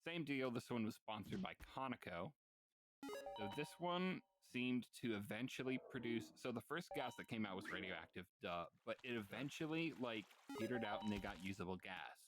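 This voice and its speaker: A man's voice: on the low side, animated, normal speed, over music. A man in casual chat with friends, explaining facts in an easy, offhand way. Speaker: co-host presenting a topic. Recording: noisy recording with clicking.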